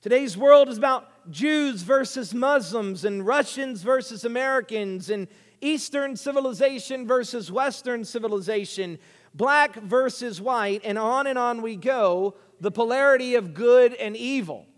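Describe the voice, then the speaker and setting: A man with a very high voice preaches a sermon, dropping to quiet asides and then rising to loud, punchy statements. His voice carries a long reverb tail in a large hall. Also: unhurried. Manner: animated, swinging between hushed asides and loud emphatic lines.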